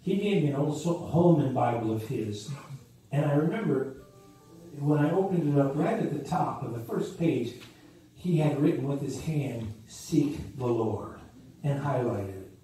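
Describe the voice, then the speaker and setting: A man's voice: mid-range voice, lively intonation, measured pace, mellow. A man preaching a sermon as pastor, telling stories and rising and falling in emphasis. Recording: echoey room from far off with faint ambience.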